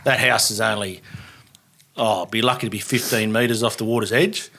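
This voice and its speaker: A man's voice: lowish voice, steady tone, moderate pace, vocal fry, sharp tone. An Australian man telling fishing stories as a podcast guest, laughing and swearing as he talks. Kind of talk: casual chat, fishing yarns.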